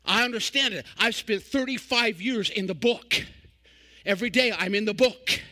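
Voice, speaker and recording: High, bright-voiced folksy older preacher. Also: male voice. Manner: folksy, animated preaching with sudden loud bursts and quick asides. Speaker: traveling evangelist. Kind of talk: sermon.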